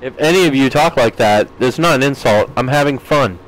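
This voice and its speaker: A man's voice: medium pitch, a little fast, poor audio. A man casually chatting with his live-stream audience while playing a farming game, reading out and answering chat comments with frequent laughs. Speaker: gaming streamer.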